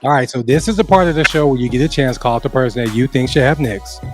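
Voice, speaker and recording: Male co-host, mid-pitched, rapid and relaxed questioning. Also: faint music behind. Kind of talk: casual interview questions.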